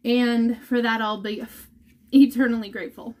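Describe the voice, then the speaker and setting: At home, a mother records a heartfelt vlog update for her followers, her emotion showing as she mentions holding back tears. Her voice sits fairly high and slightly mellow, with a level tone and a moderate pace.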